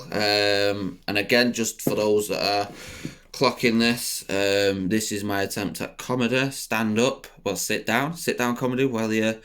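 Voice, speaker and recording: Young comic, low-voiced, rambling sit-down storyteller who cracks himself up. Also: male voice. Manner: laughs at his own jokes, bursts into loud high outbursts; rambling, swearing, many fillers. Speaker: comedian.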